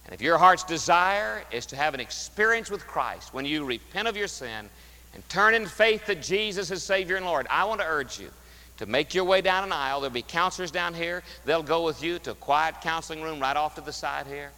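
Male pastor, sermon, emphatic, loud then hushed, fairly high voice, echoing church sanctuary. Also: animated, a little fast.

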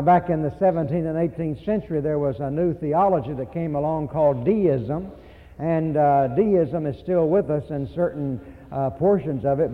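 Guy preaching a sermon, kinda high voice, leans hard on key words, sounds like a tinny old church tape. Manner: emphatic, slows down to stress words, asks rhetorical questions. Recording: tinny lo-fi recording with long hall reverb.

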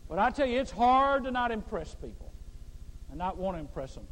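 A man preaching a sermon to a large congregation, animated and playful, acting out prayers in mock voices. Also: high-pitched, normal speed, big-room sound, low-quality recording. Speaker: pastor. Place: large church.

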